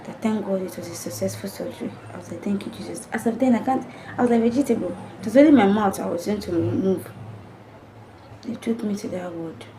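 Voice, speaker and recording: A woman's voice: mid-range voice, fairly quick, noisy background. A young adult woman vlogger earnestly retelling a painful personal story to camera, with emotional repetition. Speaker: family vlogger.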